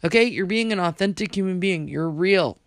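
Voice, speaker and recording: A woman's voice: lowish voice, a little fast, dry recording. A woman ranting in a casual vlog, blunt and emphatic, who drops into whispered asides. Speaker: vlogger.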